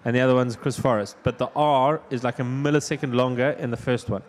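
A man with a South African accent, a comedian chatting casually on a podcast with a dry, deadpan humour. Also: medium pitch, fast. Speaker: comedian guest.

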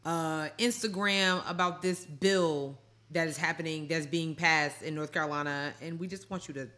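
A young woman co-hosts a podcast in an easygoing, animated chat. Her voice is bright and forward, and she speeds up when she gets going. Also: low voice. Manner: animated, laughing, quick bursts of speech. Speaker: podcast co-host. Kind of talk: casual chat.

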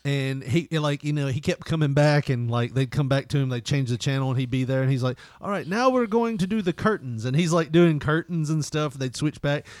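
A man's voice: medium pitch, steady tone, brisk, few pauses, a little mellow, dry recording, clean studio sound. A man hosting a podcast, chatting casually and laughing as he retells comedy sketches in put-on voices. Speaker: podcast host.

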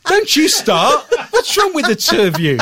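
A man's voice: extremely high pitch, huge pitch swings, moderate pace, a loud crowd. A man co-hosting a casual comedy podcast, joking and laughing often as he tells stories and reads news items. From Britain. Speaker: podcast co-host.

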